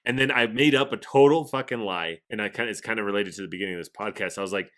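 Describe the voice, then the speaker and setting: A man's voice: fairly low pitch, fast talker, few pauses, fairly bright tone. A man hosting a casual podcast, telling rambling stories, acting out the dialogue and swearing freely. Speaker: podcast host. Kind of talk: casual podcast chat, storytelling.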